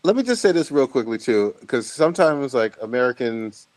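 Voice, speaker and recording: A man's voice: medium pitch, big pitch swings, a little fast, a little mellow, dry recording. A man co-hosting a podcast, making emphatic points in casual chat full of swearing. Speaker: podcast co-host.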